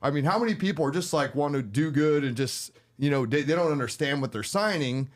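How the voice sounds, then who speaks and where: A man's voice: a little high, fairly quick. A man co-hosting a talk show, telling a story casually and acting out the back-and-forth of a conversation. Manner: animated storytelling, acting out quoted exchanges. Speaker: co-host.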